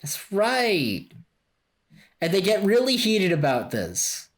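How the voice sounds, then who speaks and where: A man co-hosting a casual TV rewatch podcast, laughing often and reacting with quick exclamations. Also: sits high, huge pitch swings. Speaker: podcast co-host.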